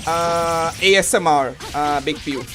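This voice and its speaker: Casual streamer: mid-pitched, rambling, heavy on fillers, jokey with chat, faint game music behind. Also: measured pace. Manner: rambling, with many fillers and restarts; loose, joking banter with chat.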